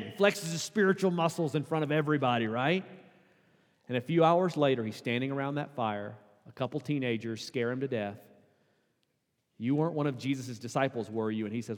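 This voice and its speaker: A man preaching a sermon as pastor, conversational and casual, building to emphatic, louder peaks. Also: medium pitch, fairly quick. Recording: long hall reverb.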